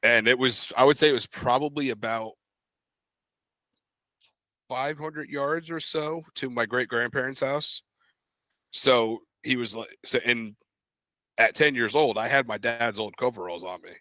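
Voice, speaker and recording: A man's voice: mid-range voice, a little slow, long pauses, no room sound. A young man co-hosting a podcast, casually telling a story and acting out the voices of the people in it. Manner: animated, acts out quoted voices in his stories. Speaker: podcast co-host.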